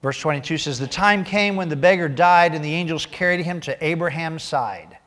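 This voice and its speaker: A man preaching a sermon, reading scripture aloud and growing loud and emphatic as he drives points home. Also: on the high side, normal speed, long reverb tail. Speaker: pastor.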